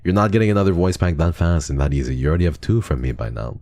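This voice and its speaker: Very deep, gravelly-voiced male streamer. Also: expressive, very fast, darkish tone. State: unwell. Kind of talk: casual livestream chat reading donations.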